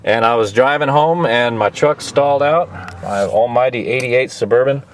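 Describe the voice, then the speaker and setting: A man's voice: medium pitch, normal speed. A man vlogging casually and with profanity outdoors by a busy roadside, explaining car trouble into a handheld phone camera. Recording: outdoor traffic noise.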